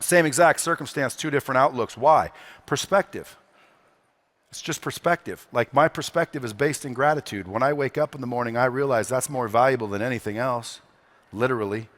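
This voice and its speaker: A man's voice: medium pitch, brisk, a bit bright. A man giving a motivational talk on stage at a conference, brash and profane, firing rhetorical questions at a live audience. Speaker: conference speaker.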